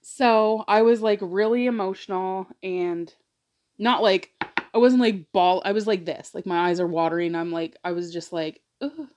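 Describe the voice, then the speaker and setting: With a medium-pitched, darkish voice at a steady tone and moderate pace, this mukbang vlogger shares a personal story. She rambles, says "like" often, and confides in emotional asides.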